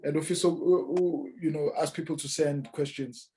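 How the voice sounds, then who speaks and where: Dude hosting, casual questions, voice a bit on the high side. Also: male voice, fairly even intonation, moderate pace, mellow, a little hiss or hum. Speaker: interview host.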